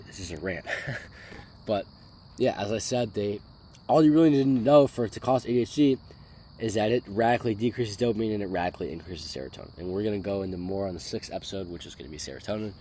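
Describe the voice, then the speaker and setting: A man's voice: on the low side, fast talker, warm tone, slight background noise. A young man with a sick voice, rambling dismissively through a solo podcast rant and repeating his words. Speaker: podcast host.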